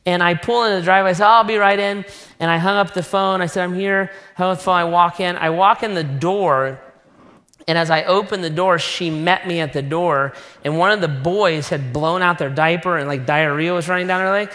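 A middle-aged man preaching in an animated storytelling sermon, poking fun at himself as he goes. His voice sits a little high and rings bright and forceful. A long reverb from a large hall trails behind every phrase. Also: fairly quick. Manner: animated, self-mocking storyteller.

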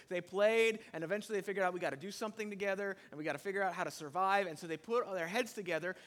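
A man with a slightly high voice delivers a sermon from the pulpit. He leans hard into key phrases, then drops low and quiet. His voice carries a long reverb tail through the large hall. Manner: animated preaching, rising and dropping loudness for emphasis. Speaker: pastor.

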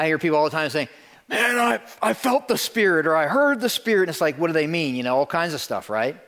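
A male pastor preaching a sermon to his congregation, telling stories, repeating words and talking straight to the listeners. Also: medium pitch. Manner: animated storytelling, acts out voices in quotes.

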